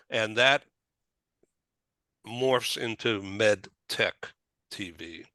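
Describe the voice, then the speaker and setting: A man's voice: on the low side, bright, forceful tone, no room sound. A man from the Boston area with a Boston accent, hosting a talk show in casual, rambling chat. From Boston area, USA. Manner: rambling, chatty, many restarts.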